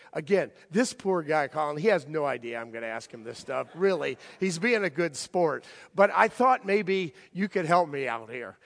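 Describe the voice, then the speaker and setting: Pastor with a slightly high voice, booming hall. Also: male voice, vocal fry. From United States. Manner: conversational, playful, asks the congregation questions. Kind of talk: sermon. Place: large church sanctuary. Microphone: handheld or stage mic. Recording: long hall reverb.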